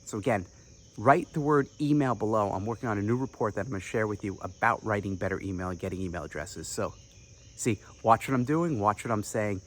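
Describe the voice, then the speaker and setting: A man giving direct-to-camera business advice as an online coach, energetic and chatty with playful asides. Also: fairly low pitch, brisk, a little hiss or hum.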